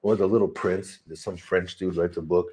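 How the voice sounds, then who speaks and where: A man's voice: deep voice, fairly even intonation, normal speed, mellow, slight background noise. A man talking in a rambling, casual monologue, often laughing and restarting his sentences. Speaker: vlogger. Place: home, talking to his dog.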